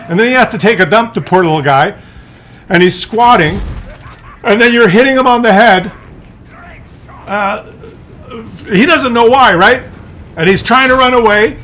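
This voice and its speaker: A man's voice: high voice, moderate pace, long pauses, fairly bright tone, a little hiss or hum. A man ranting in a rambling, profane monologue, full of fillers and restarts. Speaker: streamer.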